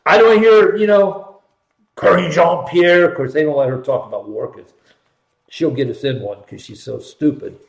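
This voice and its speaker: A man's voice: fairly high pitch, echoey room, rough recording. A middle-aged man hosting a political commentary show, talking emphatically and sarcastically and repeating points for stress. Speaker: host.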